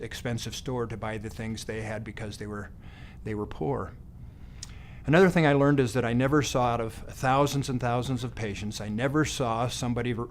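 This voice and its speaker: A middle-aged man, a doctor, sharing homespun observations from his practice. He talks in a folksy, unhurried way at an average pitch, often stopping to restart with "uh" and "and, and". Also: a little hiss or hum. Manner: folksy, halting, with many fillers and restarts. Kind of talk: testimonial monologue.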